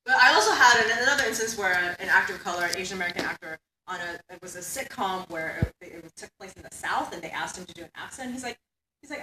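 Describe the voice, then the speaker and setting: A woman's voice: mid-range voice, quick pace, noisy background. A woman giving a conference keynote lecture in a conversational way, often laughing and tagging her points with "right?". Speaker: keynote speaker. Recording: echoey hall from far off.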